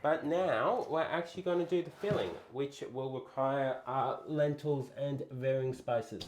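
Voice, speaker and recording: A man's voice: mid-range voice, unhurried, a little hiss or hum. A man hosting a live cooking stream, explaining each step casually with a lot of hesitant ums. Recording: roomy kitchen echo.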